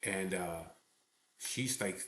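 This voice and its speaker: Low-voiced blunt man in echoey garage. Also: very slow, a bit bright. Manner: blunt, profane, keeps saying "you know what I mean". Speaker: biker club member telling a story. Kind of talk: casual storytelling. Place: garage hangout. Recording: echoey room.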